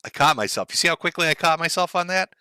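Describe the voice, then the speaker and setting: Mocking man, swearing freely, bright voice, animated pitch, dry close sound. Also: quick pace, clean tone, no echo. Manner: profane, mocking, sardonic. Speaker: streamer reacting to clips. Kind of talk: sarcastic commentary over clips.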